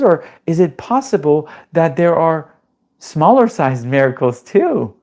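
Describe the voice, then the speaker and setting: A man with a slightly high voice talks a little slowly while coaching viewers toward nervous system calm in a live-streamed class. He's forceful and frank, swearing casually and putting questions to the audience.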